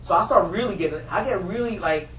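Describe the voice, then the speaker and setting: A man's voice: sits high, fast talker, fairly bright tone, a little hiss or hum. A man speaking earnestly in a one-man stage show, telling a personal story to an audience. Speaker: motivational speaker and actor. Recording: roomy hall, from far off.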